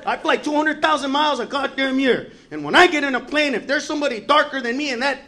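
A man doing a profane, brash stand-up routine, with loud shouted bursts. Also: extremely high pitch, expressive, quick pace. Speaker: stand-up comedian.

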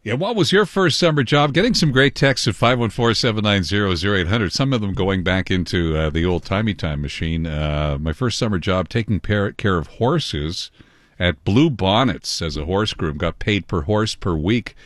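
A man hosting a morning radio show from a studio, easygoing and halting with fillers. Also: lowish voice, expressive, a bit bright, no echo. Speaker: radio host.

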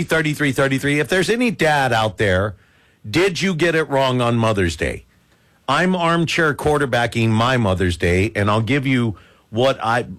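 A man hosting a talk radio show who spins a joking, self-mocking story. His voice swings up and down in a lively way as he tells it. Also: mid-range voice. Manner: animated, joking, self-mocking dad humor. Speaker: radio host.

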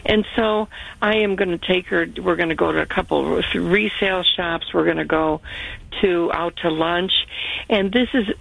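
Gravelly-voiced woman caller, earnest and halting. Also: fairly low pitch, a bit bright, no room sound, rough recording. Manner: earnest, halting, restarts mid-thought. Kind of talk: grateful call-in testimony.

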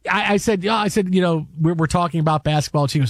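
A man in his fifties hosting a casual chat show, telling stories in an animated way and often stumbling over his words. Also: on the high side, fast talker, no echo, studio quality. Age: 50s. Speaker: show host.

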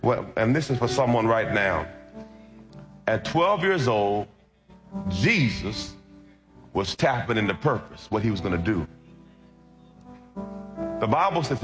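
A male pastor preaching a sermon, telling a humorous personal testimony and reading scripture, calling out to his congregation. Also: medium pitch. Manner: animated, humorous, calls out to the congregation. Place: church. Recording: roomy sound with loud music behind.

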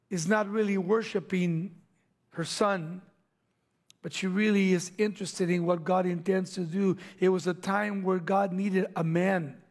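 A man preaching a sermon, retelling a Bible story dramatically, acting out the voices and dropping to hushed near-whispers. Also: high voice.

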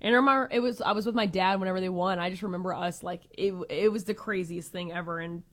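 A woman's voice: on the low side, fast talker. A woman co-hosting a sports talk radio show, telling stories animatedly and laughing often. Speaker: radio co-host. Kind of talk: casual sports radio chat.

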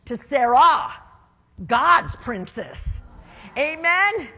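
A woman preaching a sermon, calling out for amens and rising to loud, emphatic declarations. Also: high voice, big pitch swings, very slow. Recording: long hall reverb.

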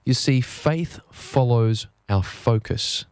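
A man's voice: medium pitch, clean tone, dry recording. Earnest male preacher, dry close sound. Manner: earnest, measured, slows down for emphasis. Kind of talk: sermon.

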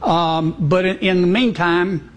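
A man's voice: high-pitched, slow. A man answering interview questions plainly, with some hesitation.

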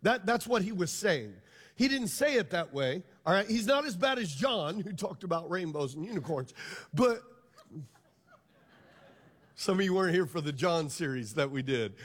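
Emphatic high-voiced man preaching in a hall. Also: sing-song, moderate pace. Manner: emphatic, call-and-response with congregation. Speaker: pastor. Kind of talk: sermon. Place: church hall.

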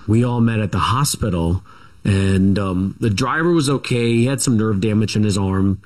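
A middle-aged man speaks as a guest in a casual interview. His voice sits fairly low, and he tells his story in a rambling, halting way, circling back with asides.

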